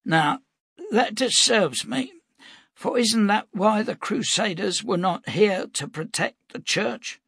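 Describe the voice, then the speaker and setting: Frail old prophet, played by a male reader, firm voice pitched high, dry close sound. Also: lively intonation, slow, vocal fry, fairly bright tone, breathy edge, dry recording, full character voice. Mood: probing. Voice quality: strong, firm voice.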